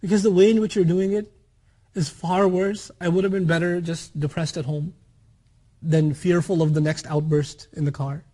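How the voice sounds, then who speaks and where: Male Quran teacher, higher register, husky edge. Explanatory lecture with humorous examples, checks in with the audience. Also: moderate pace. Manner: explains by contrast and example, with lively humorous asides; checks in with listeners.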